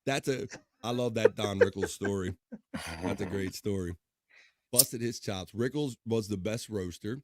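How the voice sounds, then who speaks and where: A man's voice: on the low side, a little slow, dry recording, studio quality. A man hosting a livestream, chatting casually, reading out chat and joking with rambling, profane asides. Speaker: livestream host.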